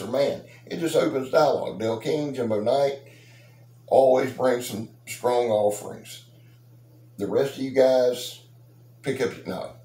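Talking to his subscribers outdoors, a middle-aged man who runs a knife channel keeps things casual, rambling, jokey and boastful. He has a lowish, mellow voice, and the sound carries a roomy echo and faint noise.

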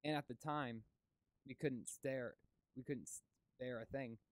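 A man voicing a gruff, superstitious sea captain in broad dialect. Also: medium pitch, steady tone, a little slow, no echo, close to an everyday voice. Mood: uneasy. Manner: broad dialect speech, plain and blunt.

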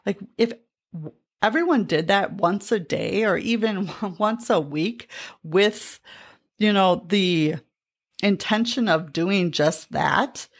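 A woman's voice: medium pitch, takes it slowly. A middle-aged woman coach chatting casually on a podcast, retelling conversations with lots of fillers. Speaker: life coach.

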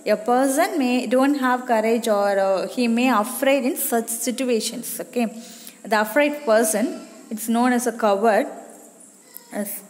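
High-voiced teacher repeating lines. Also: female voice, measured pace, big-room sound. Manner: repetitive, asks "right?" often. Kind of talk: storytelling lesson for children.

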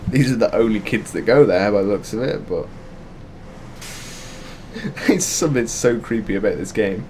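A man's voice: on the low side, lively intonation, moderate pace, long pauses, darkish tone, slight background noise. A young man commentating on a game, sarcastic, swearing and ranting in bursts. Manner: sarcastic, ranting, swears a lot, often laughing. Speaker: gamer.

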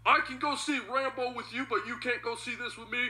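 A man's voice: very high voice, steady tone, a little fast, pushed and bright, low-quality recording. A young man, a grandson, chatting and telling a story with his grandmother in a casual family video.

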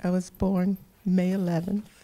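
A woman's voice: lowish voice, level tone, unhurried, dark tone. A woman in her eighties from St. Louis, introducing herself in a chatty, light way. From St. Louis, Missouri. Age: 80s. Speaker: birthday guest.

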